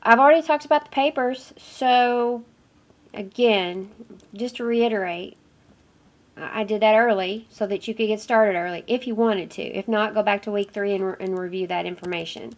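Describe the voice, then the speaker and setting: In an informal recorded lecture, a course instructor teaches online while fighting a cold that makes her voice nasal and sometimes hoarse. She speaks at medium pitch and a moderate pace, rambling with fillers and apologies.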